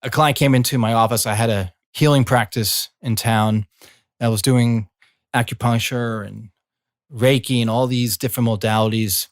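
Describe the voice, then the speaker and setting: A middle-aged man, a coach and former healer, speaking in a slow, soothing reflective monologue. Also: medium pitch, fairly even intonation, dry recording, clean studio sound. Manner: slow, soothing, drawn-out phrasing. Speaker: coach and former healing practitioner.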